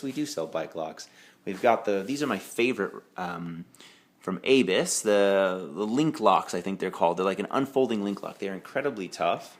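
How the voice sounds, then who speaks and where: Low-ish guy wandering his bike shop at night filming stuff, loose and chatty, lots of ums. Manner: relaxed, rambling, with fillers and self-corrections. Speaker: bike shop owner and mechanic. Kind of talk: casual late-night store walkthrough. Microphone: handheld camera while walking.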